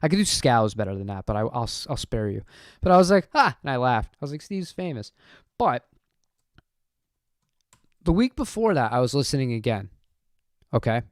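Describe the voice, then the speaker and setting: A man's voice: medium pitch, clear, resonant tone, no room sound, studio quality. A man hosting a casual live-stream chat, rambling and talking to viewers in the chat. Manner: rambling, chatty, reads chat aloud. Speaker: channel host.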